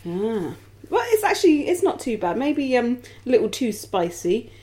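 A woman from England co-hosting a casual podcast, easygoing and dry, slowing down when reading aloud. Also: a little high, very animated, warm tone. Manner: easygoing, dry, reads labels aloud slowly. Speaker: podcast co-host. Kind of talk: casual chat.

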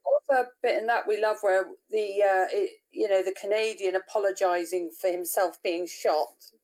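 A woman's voice: mid-range voice, steady tone, moderate pace, a little mellow. A woman co-hosting a casual podcast from her home over a video call, chiming in hesitantly. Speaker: podcast co-host. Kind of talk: casual chat. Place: own home.

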